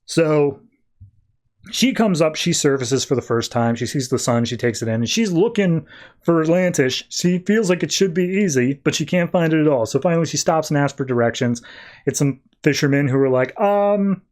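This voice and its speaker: A man's voice: a little high, moderate pace, a little mellow. A man hosting a podcast, casually recapping a comic book in a rambling, filler-heavy way. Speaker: podcast host.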